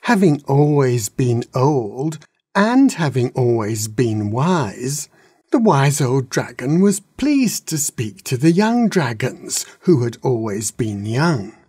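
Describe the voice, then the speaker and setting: A man reading a children's story aloud in an unhurried, gentle way. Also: mid-range voice, very animated, husky, dry recording, studio quality. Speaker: narrator.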